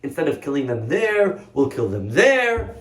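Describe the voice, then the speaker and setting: A man voicing a biblical king, a grown man who boasts and then pleads, in a high, strained voice. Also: big pitch swings, a little slow. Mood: excusing. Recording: roomy echoey room.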